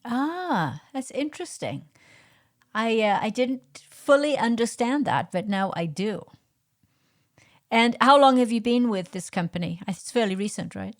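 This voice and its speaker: A woman's voice: a little high, lively intonation, measured pace. A woman hosting a podcast, asking curious, friendly questions of her guest. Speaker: podcast host. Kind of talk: interview.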